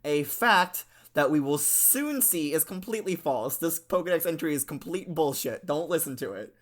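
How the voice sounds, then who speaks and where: A man's voice: fairly high pitch, expressive, normal speed, fairly bright tone. A man hosting a casual comedic podcast chat, laid-back and chuckling, swearing casually as he talks. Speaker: podcast host.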